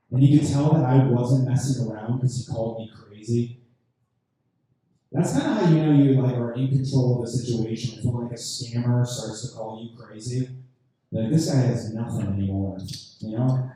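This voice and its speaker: Deadpan, halting man in an echoey lounge. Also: medium pitch. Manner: halting, deadpan, lots of fillers. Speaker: stand-up comedian at an open mic. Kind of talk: stand-up comedy set. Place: lounge comedy night, indoors. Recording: very echoey room from far off.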